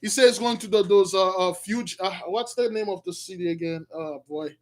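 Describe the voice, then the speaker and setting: High-pitched man retelling a story excitedly. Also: moderate pace. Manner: excited storytelling, shouting bursts and frequent restarts. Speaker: religious storyteller. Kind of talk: animated retelling of a scripture story.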